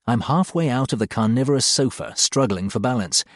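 A male narrator reading a first-person story with dry, wry humor. His pitch moves expressively through each line, and the recording is close and completely dry. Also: expressive, a little fast, no echo. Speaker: audiobook narrator.

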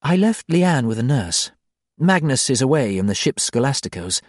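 A man voicing a soft-spoken tender woman. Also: medium pitch, sing-song, moderate pace, no room sound, clean studio sound, voice pushed up, natural voice. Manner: soft, quiet. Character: gentle adult woman, tender and anxious. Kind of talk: audiobook character voice.

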